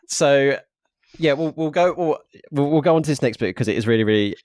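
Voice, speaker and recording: A man with an Essex accent hosting a podcast interview, chatty and quick to laugh, often restarting his sentences. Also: a little high, lively intonation, a little mellow, no room sound, studio quality. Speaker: podcast host. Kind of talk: casual interview chat.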